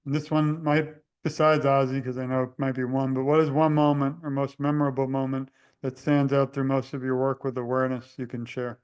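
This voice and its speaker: A young male host with a smooth, clear voice runs a casual interview. He keeps an even, level tone and rambles, often pausing on fillers. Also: mid-range voice.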